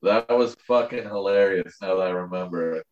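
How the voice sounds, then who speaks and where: A man's voice: low-pitched, a little fast, a little mellow. Guy cohost joking and rambling about movies, swears a lot, dull lo-fi sound. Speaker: podcast co-host. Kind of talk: casual movie chat.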